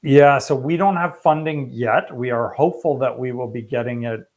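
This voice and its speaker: A man who works as a fertility specialist talks through a live question-and-answer stream. His voice sits at a middle pitch and his tone is casual and joking. He stumbles through long study titles and answers viewers plainly. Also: normal speed, darkish tone.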